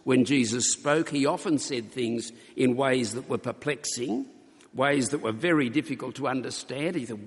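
A man preaching a sermon to his congregation, earnest and emphatic, slowing for weight and stumbling over restarts now and then. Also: mid-range voice, slightly rough. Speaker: pastor. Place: church. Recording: long hall reverb.

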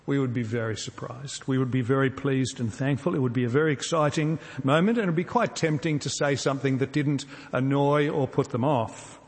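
A man preaching a sermon, earnest and measured, often posing rhetorical questions to his congregation. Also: medium pitch, big-room sound. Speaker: pastor.

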